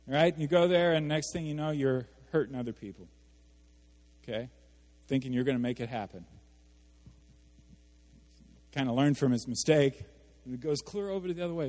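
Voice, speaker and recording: A man preaching a sermon as a pastor, animated, asking his congregation questions and acting out the quotes he reads. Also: on the high side, normal speed. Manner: animated, asks the audience questions, acts out quotes. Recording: hall reverb.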